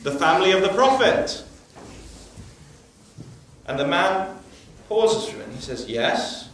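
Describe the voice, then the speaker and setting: A high-voiced male preacher tells his story with steady emphasis. His voice booms around a large, very echoey hall and sounds distant from the microphone. A faint hiss lies underneath. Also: a little slow. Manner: emphatic storytelling with religious phrases. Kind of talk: storytelling sermon.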